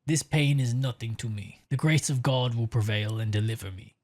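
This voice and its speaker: A man's voice: medium pitch, moderate pace, darkish tone, close to an everyday voice. A man voicing a solemn defiant cardinal. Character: defiant pious male cardinal.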